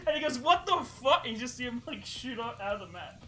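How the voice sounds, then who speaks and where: A man's voice: extremely high pitch, animated, fast talker, music in the background, rough recording. A man co-hosting a podcast, telling stories in a casual, rambling way with lots of swearing. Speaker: podcast co-host. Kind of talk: casual chat.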